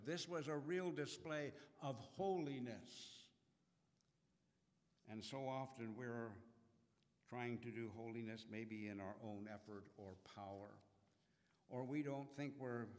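Man, preacher, earnest sermon delivery, very slow, mid pitch, echoing church hall. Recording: long hall reverb.

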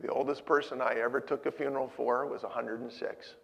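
A man preaching a sermon, telling stories and moving from loud urging to hushed asides. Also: medium pitch, flat delivery, brisk, gravelly, husky, lo-fi sound. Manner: storytelling, swinging from loud exhortation to hushed asides. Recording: hall with long reverb.

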